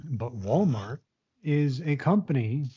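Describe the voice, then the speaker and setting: A man's voice: mid-range voice, expressive, takes it slowly, dark tone, slightly rough. A man telling a personal story in casual talk, frank and blunt, swearing freely. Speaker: storyteller recounting his retail job. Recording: dull lo-fi recording.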